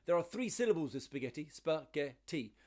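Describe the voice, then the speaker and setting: A man's voice: a little high, expressive, normal speed. A man teaching a ukulele lesson, encouraging, counting beats aloud and singing along. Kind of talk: online music lesson.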